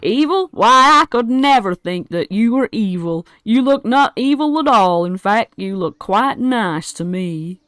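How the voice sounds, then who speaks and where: A woman's voice: on the high side, lively intonation, unhurried, few pauses, a bit bright, dry recording, voice pushed up. A woman voicing a fussy male goblin who runs a market, with a drawling, folksy way of talking. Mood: flattering. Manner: drawling, mutters to himself, folksy. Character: fussy male goblin market boss with toffee-apple head.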